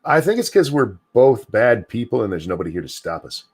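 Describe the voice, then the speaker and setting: Brisk and husky at a medium pitch, this older man runs a laid-back streamed talk show. He curses freely, stays animated, and keeps poking fun at himself in casual conversation.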